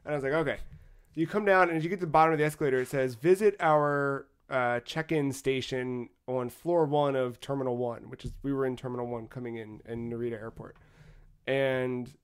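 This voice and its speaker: A man co-hosting a podcast, telling a travel story in a casual, animated way with frequent swearing. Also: medium pitch, fairly quick, smooth. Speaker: podcast co-host.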